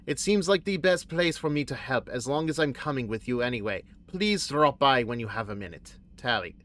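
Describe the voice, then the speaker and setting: A man's voice: mid-range voice, expressive, a little fast, fairly bright tone, lightly acted. A man voicing a young female alien engineer, reading her note with a clumsy put-on accent. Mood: friendly.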